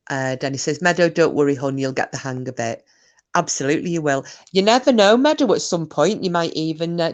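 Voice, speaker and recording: A middle-aged woman, hosting a casual livestream, reading chat messages aloud and trading cheeky, bawdy banter. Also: deep voice. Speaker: live stream host reading chat.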